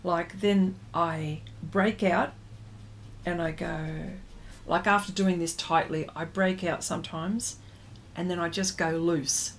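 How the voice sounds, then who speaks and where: A woman artist hosts a livestream, chatting casually with viewers and answering their comments while she paints. Her lowish voice stays steady and slow as she works, often trailing off into fillers, with a little hiss or hum in the recording.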